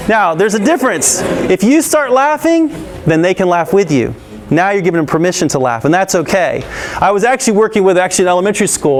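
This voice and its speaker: A man's voice: high-pitched, slight background noise. A man giving an interactive anti-bullying talk to a school audience, asking questions and laughing often. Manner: engaging, peppers the audience with questions; laughs often and acts out scenes.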